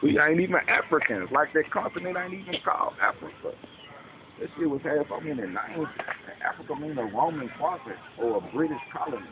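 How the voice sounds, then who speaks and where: A man's voice: on the high side, expressive, brisk. Male speaker, informal lecturing tone, slangy, lo-fi recording with heavy noise. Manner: preachy, street slang, repeats "you know what I'm saying". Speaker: speaker explaining a belief. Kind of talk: casual monologue. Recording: tinny lo-fi with loud background noise.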